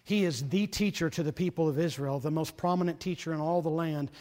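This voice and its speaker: A man's voice: a little high, fairly quick, hardly any pauses. Earnest preacher man in a reverberant hall. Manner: earnest, urgent, swinging from loud emphasis to hushed tones. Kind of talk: sermon.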